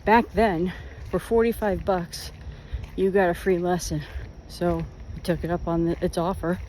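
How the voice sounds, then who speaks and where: Vlogger on a walk, mellow voice, rambly self-mocking stories, faint outdoor noise behind. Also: mid-range voice, level tone, a little slow. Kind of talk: casual storytelling on a walk. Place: outdoors, walking.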